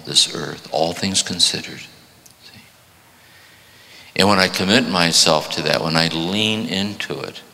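A man's voice: rumbling low, creaky, sharp tone. A man in his seventies giving a reflective spiritual talk, often repeating phrases for emphasis. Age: 70s. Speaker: spiritual teacher. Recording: long hall reverb.

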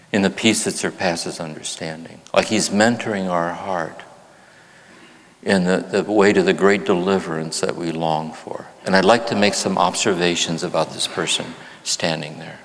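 A man, a therapist and spiritual teacher, giving a reflective talk to a live audience in a church. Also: sits low. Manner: reflective, slows and softens on key phrases. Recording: long hall reverb in a church.

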